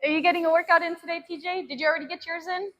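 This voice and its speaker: A woman's voice: very high voice, steady tone, very fast, a bit bright, dull audio. A young woman streaming a gym workout, chatting casually and breathlessly between sets, restarting her sentences. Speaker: fitness streamer.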